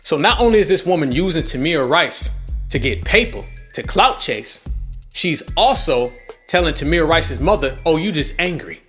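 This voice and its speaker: A man's voice: on the high side, big pitch swings, normal speed, fairly bright tone, soft background music. Angry, profane man hosting a podcast. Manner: angry, profane, mocking, with sarcastic mimicry. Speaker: podcast host. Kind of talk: heated political commentary.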